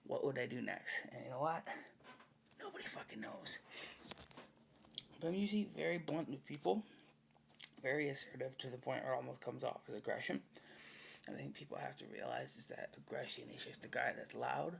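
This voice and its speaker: A man with a gravelly voice rambles through a casual monologue. He is blunt and swaggering, and he swears freely. A faint hum sits under his voice. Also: medium pitch, expressive, a little fast, a bit bright.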